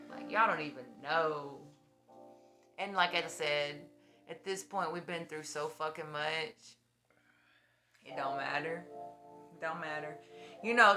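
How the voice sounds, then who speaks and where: A woman in her forties with a low voice, talking bluntly and effusively and swearing freely. Her casual chat on a stream has clear music playing behind it. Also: pushed and bright. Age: 40s.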